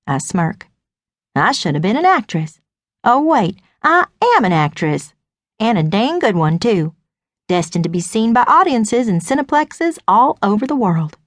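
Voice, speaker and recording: A woman's voice: fairly low pitch, no room sound. Wry woman narrating an audiobook, dry sound. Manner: wry, knowing, deadpan asides. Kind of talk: first-person audiobook narration.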